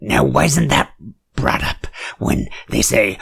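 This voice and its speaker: A man reading a political text in a mock-serious way, with sarcastic ranting asides and sudden shouted outbursts. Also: on the low side, sing-song, takes it slowly, creaky, breathy edge, no room sound. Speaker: satirical commentator.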